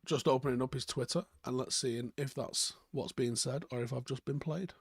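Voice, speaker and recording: A man's voice: mid-range voice, steady tone, normal speed, gravelly, husky, no echo, clean studio sound. A young man hosting a casual live stream, reading out chat comments and rambling with lots of ums and swearing. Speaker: fan channel host reading live chat.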